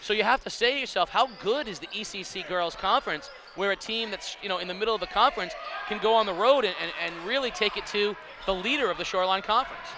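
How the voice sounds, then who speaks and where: Male color commentator, high voice, rambling emphatic analysis, gym noise clear behind. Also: quick pace, hardly any pauses. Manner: rambling, many restarts and fillers, emphatic analysis. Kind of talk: basketball commentary.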